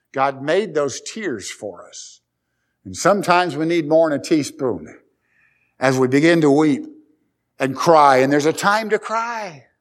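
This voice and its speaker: A middle-aged man preaching a sermon, folksy and storytelling, swinging between loud and quiet. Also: a little high. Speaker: pastor.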